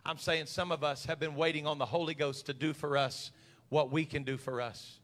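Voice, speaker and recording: A preacher man with a high, bright voice delivers a sermon that swells from measured teaching into shouted fervor. He mimics anxious congregants in a mocking tone. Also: fairly even intonation. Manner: preaching with rising intensity and crowd call-and-response. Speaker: pastor.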